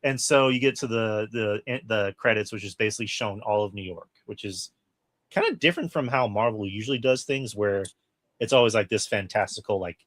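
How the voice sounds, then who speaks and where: Low-voiced man recapping a movie. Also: brisk, no echo. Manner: retells scenes at length, acting out lines. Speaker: podcast host. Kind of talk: casual movie review chat.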